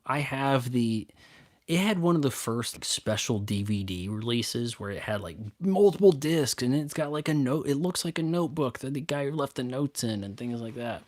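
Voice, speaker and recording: A man's voice: mid-range voice, lively intonation, normal speed, no room sound, clean studio sound. A man hosting a casual solo chat, rambling and stop-start with sarcastic asides. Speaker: youtube host. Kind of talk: casual solo chat answering viewer questions.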